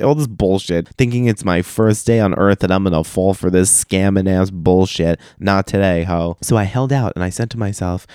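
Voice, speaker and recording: A man's voice: deep voice, moderate pace, hardly any pauses, dark tone, clear, resonant tone, no echo, studio quality. A young adult man hosting his own podcast, ranting in a profane, theatrical way and acting out other voices. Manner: profane, theatrical, acts out dialogue in shifting voices. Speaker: podcast host. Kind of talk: casual solo podcast rant.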